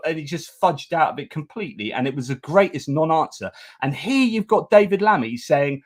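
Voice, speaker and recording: A man hosting an online show, ranting in animated commentary. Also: fairly high pitch, moderate pace, hardly any pauses. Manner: ranting, excitable. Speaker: host.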